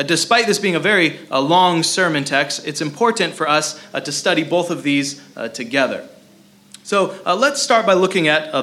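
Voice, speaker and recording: Man, pastor, sermon, slightly high voice, bright and forceful, conversational with fillers. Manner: conversational preaching with frequent "uh" fillers.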